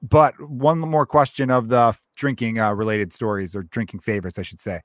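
A man talks fast and chummy as a podcast host, laughing easily. His voice is medium-pitched and sits close and dry on the mic. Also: fairly even intonation, no echo. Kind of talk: casual podcast chat.

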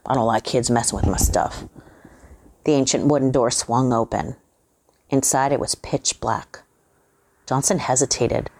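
A woman hosting and reading a horror story aloud in a measured, suspenseful way. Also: rumbling low, a little mellow. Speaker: host and reader.

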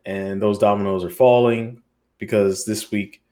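A man's voice: fairly low pitch, fairly even intonation, a little slow, dark tone. An American man co-hosting a podcast roundtable, talking in a loose, joking, profane, rambling way. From United States. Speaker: podcast co-host. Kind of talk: casual roundtable chat.

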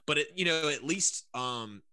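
A man co-hosting a podcast, telling stories about songs in a relaxed way with many fillers. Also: a little high, moderate pace, clean tone, no echo, studio quality. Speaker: podcast co-host. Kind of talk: casual chat about songs.

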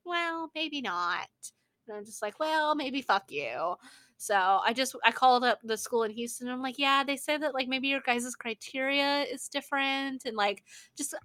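A young woman co-hosting a podcast, telling stories in animated casual chat with frequent laughter and swearing. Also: high voice, fairly quick. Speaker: podcast co-host. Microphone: podcast microphone.

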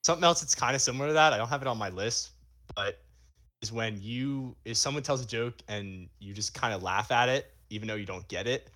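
A man's voice: medium pitch, a little fast, a bit bright. A young man co-hosting a podcast, laid-back and laughing often in casual chat. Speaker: podcast co-host.

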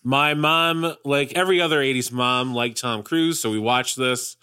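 A man's voice: medium pitch, moderate pace, bright, forceful tone, smooth. A man co-hosting a casual film podcast, firing off dry, sardonic quips. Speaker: podcast co-host.

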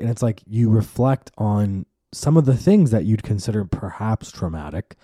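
A young man in his twenties rambles through a solo podcast with a low, very warm and relaxed voice. The recording is dry and close. He swears freely and acts out the voices he quotes. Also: moderate pace, slightly rough, no echo. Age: 20s. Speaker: podcast host. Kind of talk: casual solo podcast monologue.

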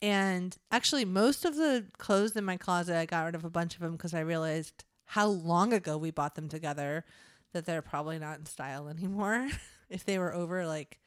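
A woman's voice: lowish voice, normal speed, clear, resonant tone, no room sound, studio quality. A woman in her forties co-hosting a podcast, chatting casually and poking fun at herself with frequent laughter. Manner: chatty, self-mocking, laughs often. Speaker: podcast co-host. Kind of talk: casual chat.

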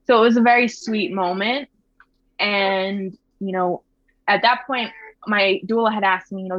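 A woman in her thirties tells a personal story in a soft, reflective voice, often pausing and restarting. Her pitch sits mid-range. The recording sounds a little dull and muffled, with a dry, close sound. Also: fairly even intonation, no room sound. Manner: soft, reflective, with many fillers. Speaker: mother telling her birth story.

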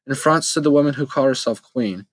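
A man reading a first-person novel aloud in steady, plain storytelling narration. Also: medium pitch, fast, no room sound, rough recording. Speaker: audiobook narrator.

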